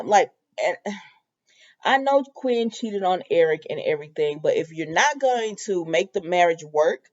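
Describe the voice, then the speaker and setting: A young woman hosting a casual soap opera recap, animated and opinionated as she talks straight to her viewers. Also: mid-range voice. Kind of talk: casual chatty episode recap. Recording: dull lo-fi home video audio.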